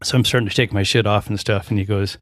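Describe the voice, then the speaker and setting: A man, a pilot and podcast guest, telling a long story in a casual, animated way, acting out the voices of others and often restarting his sentences. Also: lowish voice, fast, dry recording, studio quality. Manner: animated, acts out quoted voices, frequent restarts.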